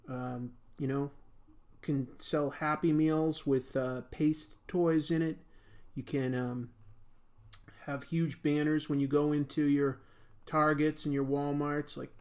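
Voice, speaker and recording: A man's voice: a little high, fairly even intonation, a little slow, a little mellow. A man hosting a casual art livestream, chatting in a rambling, joking way while he draws. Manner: rambling, joking, lots of fillers. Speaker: comics artist and livestream host.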